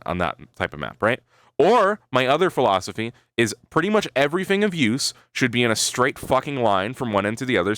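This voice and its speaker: With a fairly low, fairly bright, clear and resonant voice, a male streamer rambles to his viewers while thinking aloud. He swears freely and keeps asking "right?" The audio is clean studio sound with no room tone.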